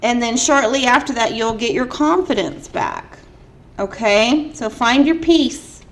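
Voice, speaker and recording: High-pitched woman doing a card reading, chatty, says like a lot, pretty emphatic. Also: lively intonation, measured pace. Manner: chatty, emphatic, lots of filler "like". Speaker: tarot card reader. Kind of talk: casual spiritual reading to camera.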